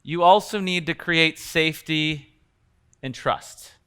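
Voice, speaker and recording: A man's voice: a little high, slow, bright, forceful tone, clean tone. A man teaching coaches at a live workshop in a conversational way, acting out bits of example dialogue. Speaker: coaching trainer.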